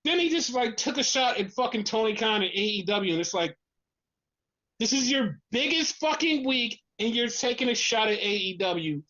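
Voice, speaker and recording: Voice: normal speed, lo-fi sound. Profane, exasperated podcast ranter. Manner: animated, mimics others in a lower voice. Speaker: wrestling podcast co-host. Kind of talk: casual podcast rant.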